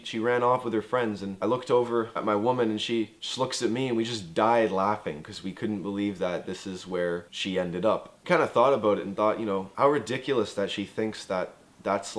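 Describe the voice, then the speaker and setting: Man in his 20s with a lowish voice, relaxed storytime vlog delivery, profane and sarcastic. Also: a little fast, few pauses.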